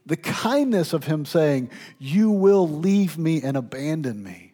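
A man preaching a sermon, swinging between loud emphatic stretches and hushed, intimate ones, with occasional restarts and fillers. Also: on the high side, very animated, measured pace. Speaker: pastor.

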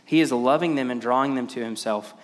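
A man's voice: medium pitch, brisk. A man in his thirties preaching a sermon as pastor, speaking with frequent "uh" fillers and restarts. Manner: hesitant, many "uh" fillers and restarts. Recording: long reverb of a large hall.

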